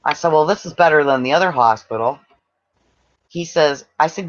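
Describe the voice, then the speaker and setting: A man's voice: on the high side, moderate pace. A man from Canada telling a long personal story in casual chat, acting out what others said. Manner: animated, acts out quoted voices. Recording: dull lo-fi audio.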